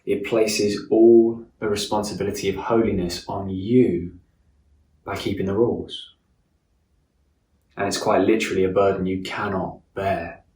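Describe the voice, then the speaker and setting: Low-voiced man preaching in an echoey room. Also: flat delivery, recorded from a distance. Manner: earnest, slows and softens for emphasis. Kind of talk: sermon.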